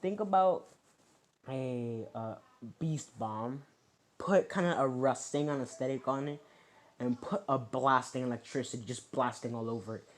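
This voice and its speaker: A man's voice: medium pitch, measured pace. A young man makes up a fan story as he goes. He rambles, stumbles over fillers and corrects himself mid-sentence. The telling is loose and casual. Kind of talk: improvised fan story narration.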